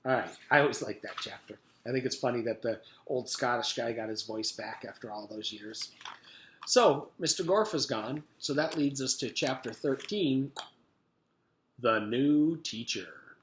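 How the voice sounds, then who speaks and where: A man's voice: medium pitch, measured pace, slight background noise. A male teacher reads a children's chapter book aloud to his class in an easy, casual manner. His voice sits in the middle for a man, and the room around him rings with a roomy echo. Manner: relaxed and casual, with fillers between chapters.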